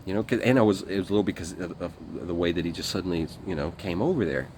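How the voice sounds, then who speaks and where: Speaking very fast in a low, somewhat mellow voice, a guest rambles through tales of his military service, blunt, swearing, and full of fillers. A little hiss or hum sits under the audio.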